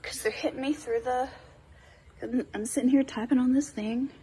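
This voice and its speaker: A woman's voice: sits high, steady tone, moderate pace, warm tone, a little hiss or hum. A woman talking in casual chat, urgent and repetitive, with many fillers.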